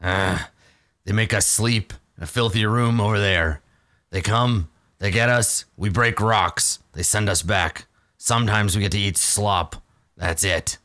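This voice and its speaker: A man voicing a surly male orc prisoner who answers gruffly and with contempt in a tabletop game. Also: fairly low pitch, a little slow, bright, forceful tone. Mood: grumbling.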